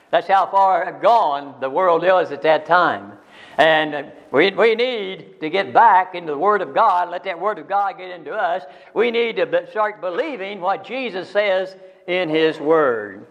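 Older male preacher, higher-pitched voice, earnest emphatic sermon delivery. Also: fairly bright tone, highs cut off. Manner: earnest, emphatic, with restarts and repeated phrases.

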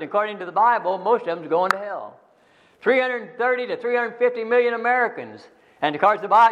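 Emphatic older preacher man, high voice. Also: fairly bright tone, dull audio. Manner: earnest, emphatic, with restarts and repeated phrases. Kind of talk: sermon.

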